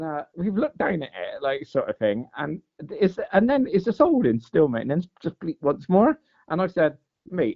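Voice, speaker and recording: A slightly high, creaky male voice belongs to a podcast guest spinning a long fishing story in casual conversation. He tells it with animation, saying "mate" and "like" a lot, over dull, lo-fi podcast audio.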